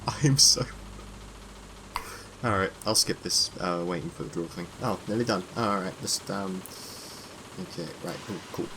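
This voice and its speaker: A man giving chatty let's-play commentary, muttering to himself and breaking into excited squeals. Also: deep voice, moderate pace, long pauses, noisy background. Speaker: gameplay commentator.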